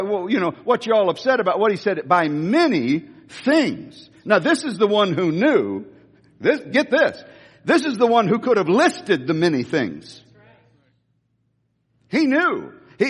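Recorded in a big hall with long reverb, a man delivers a sermon emphatically and with animation, frequently starting phrases over. His voice is high-pitched and husky.

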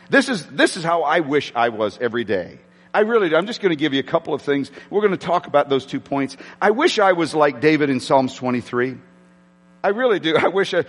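Impassioned preacher with a lively, high voice. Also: male voice, moderate pace, husky, big-room sound. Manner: impassioned, dramatic shifts when quoting scripture. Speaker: pastor. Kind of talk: sermon.

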